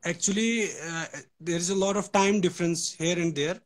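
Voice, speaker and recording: A man from Kashmir with an Indian accent, calling in to a live stream. He is polite and eager, hesitating often with fillers and restarts as he speaks. His voice is a little high for a man. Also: steady tone, moderate pace. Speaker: caller.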